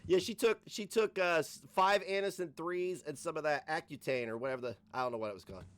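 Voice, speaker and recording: A man's voice: on the high side, fast talker, a bit bright. A man streaming, riffing crudely and jokingly over old commercials.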